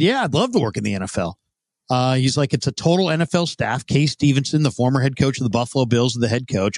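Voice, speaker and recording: A man's voice: medium pitch, a little mellow, dry recording. A man in his fifties, a guest in an interview, telling long casual anecdotes and acting out what others said. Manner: rambling anecdotes, acts out quoted dialogue. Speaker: interview guest, former radio host.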